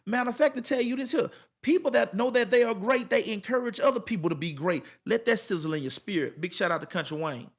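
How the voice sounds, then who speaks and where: Male motivational speaker, high register, emphatic and repetitive, casual street talk with a preacher's rhythm. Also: quick pace, few pauses. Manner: colloquial, addresses viewers directly. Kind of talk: motivational monologue to camera.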